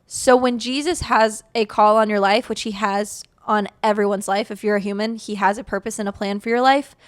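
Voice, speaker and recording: A woman's voice: medium pitch, fairly even intonation, brisk, no room sound, studio quality. A young woman hosting a podcast, talking earnestly and casually about faith, with lots of "like". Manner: earnest, conversational, heavy use of "like". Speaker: podcast host.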